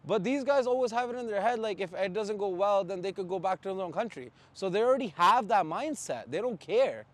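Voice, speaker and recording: A man's voice: sits high, expressive, fairly quick. A man from Canada, a truck driver, ranting in blunt, profane casual talk with angry outbursts. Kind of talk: heated casual rant.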